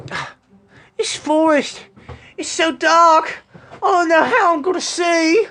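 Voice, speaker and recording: A woman's voice: very high voice, slow, a bit bright, pitched above the performer's own voice, heavily acted. A woman voicing a timid, whiny young boy who is a prince.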